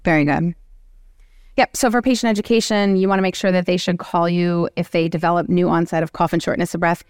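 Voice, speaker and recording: A woman moderating a medical education panel, talking animatedly and acting out quick exchanges with patients. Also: on the low side, fairly even intonation, clean tone, dry recording, studio quality. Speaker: panel moderator, oncology clinician. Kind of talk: continuing-education panel discussion.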